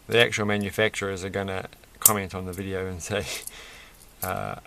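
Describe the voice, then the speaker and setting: Casting: man, lowish gravelly voice, rambling self-mocking toy vlogger, faint noise behind. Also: level tone, normal speed, bright, forceful tone. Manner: rambling, self-mocking, laughs at his own jokes. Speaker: toy reviewer building a set. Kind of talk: casual off-the-cuff commentary.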